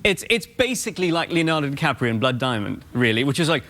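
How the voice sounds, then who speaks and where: A man's voice: fairly high pitch, very animated, fast, hardly any pauses, fairly bright tone, a little hiss or hum. Polite young South African man, London-tinged. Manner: polite, dry, self-deprecating humor. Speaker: talk show guest, actor.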